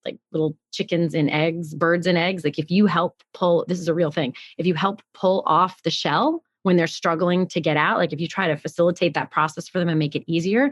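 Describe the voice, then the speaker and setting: A woman's voice: on the low side, no echo, studio quality. A woman co-hosting a podcast, thinking aloud in casual reflective chat with frequent restarts. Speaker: podcast co-host.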